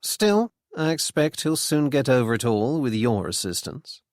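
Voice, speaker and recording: Ironic young gentleman detective, mock-innocent, lively pitch, as a narrator plays him, dry reading. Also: a little slow, no echo.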